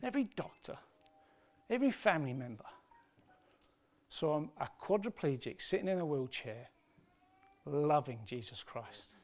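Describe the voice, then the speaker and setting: A man preaching a sermon with passion, moving between hushed, emotional storytelling and loud, rising appeals. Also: fairly high pitch, sing-song, moderate pace, pauses often. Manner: impassioned, swinging from hushed to loud.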